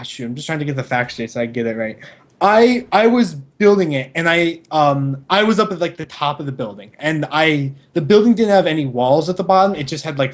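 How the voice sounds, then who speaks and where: A young man, a podcast co-host, tells a rambling story in casual chat, correcting himself and swearing offhandedly. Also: a little high.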